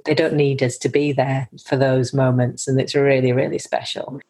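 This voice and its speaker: A woman midwife giving an earnest, reflective account of her work, often pausing to search for words. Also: extremely low pitch, little pitch movement, darkish tone.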